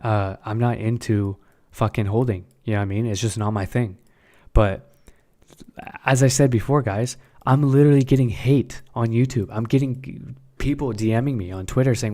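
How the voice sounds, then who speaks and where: A man's voice: mid-range voice, moderate pace, mellow. A young man talking casually on a live stream about his crypto trades, blunt and swearing often, repeating himself.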